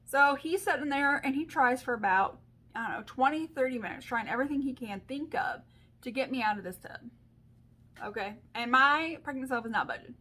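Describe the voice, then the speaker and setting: A woman's voice: sits high, bright, forceful tone. A woman in her thirties telling a story to her viewers in a casual, chatty vlog, full of fillers and asides. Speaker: beauty vlogger.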